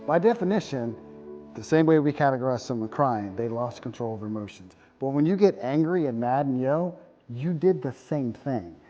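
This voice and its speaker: A man's voice: medium pitch, lively intonation, normal speed, warm tone, highs cut off. A man explaining his views step by step in a candid round-table conversation. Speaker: discussion participant. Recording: long hall reverb with faint music.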